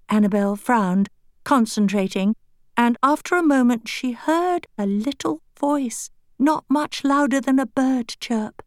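A woman reading a children's storybook aloud in a gentle, expressive manner. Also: mid-range voice, a little slow, no room sound, studio quality. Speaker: audiobook reader. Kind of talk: storybook narration.

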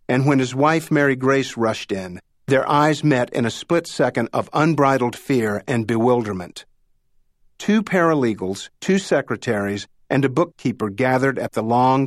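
A man narrating a novel in a measured storytelling delivery. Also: medium pitch, dry recording, studio quality. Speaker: audiobook narrator. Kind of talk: scripted narration.

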